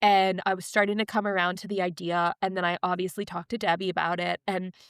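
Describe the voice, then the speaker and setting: A woman's voice: on the low side, fast, clean tone, no echo, clean studio sound. A young woman on a podcast, telling a personal story in a candid, emotional, confiding way. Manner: emotional, confiding, animated retelling. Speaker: podcast guest.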